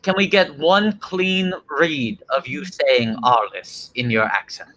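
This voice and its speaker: A man with a bright, forceful, somewhat high voice, co-hosting in a playful, joking way. He teases and directs the others. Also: takes it slowly. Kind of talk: casual chat.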